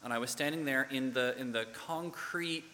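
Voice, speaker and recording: A young man telling a personal story to a church gathering, halting, with many restarts and fillers. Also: mid-range voice, bright, forceful tone. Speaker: guest storyteller. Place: church hall. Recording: echoey hall.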